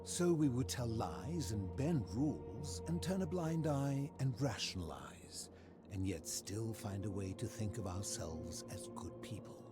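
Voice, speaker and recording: A courteous, lonely philosopher who has lived alone for years, asks patient, probing questions in a formal cadence. His voice sits fairly low but swings widely in pitch, and game music plays clearly underneath. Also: big pitch swings. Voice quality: measured, formal, questioning delivery. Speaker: game character. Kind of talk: video game voice acting. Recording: game audio with soundtrack music.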